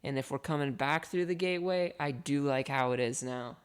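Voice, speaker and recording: Low-voiced playful woman streaming a lesson. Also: fairly quick, clear, resonant tone. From part Colombian, part Italian heritage. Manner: chatty, playful, reads chat aloud. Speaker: instructor. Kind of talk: live-streamed hacking walkthrough.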